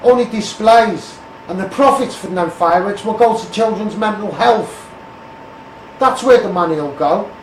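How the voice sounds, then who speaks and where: A high-pitched Scouse man hammers out a blunt, emphatic live-stream rant, calling everyone mate. His phone picks him up from a distance, so the voice sounds echoey and roomy, with a faint hiss of background noise underneath. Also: moderate pace. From Liverpool area. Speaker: Facebook Live campaigner. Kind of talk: ranting live stream monologue.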